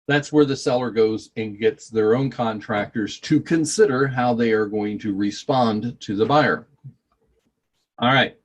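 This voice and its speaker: A man's voice: medium pitch, breathy edge. A man teaching a real estate training, reading contract clauses aloud and explaining them in a folksy, conversational way.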